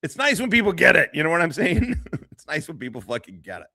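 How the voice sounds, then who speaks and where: A man's voice: a little high, huge pitch swings, quick pace, creaky, sharp tone, dry recording. A man hosting a livestream, ranting in a crude, mocking way and laughing often. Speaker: streamer host. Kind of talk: profane casual livestream rant.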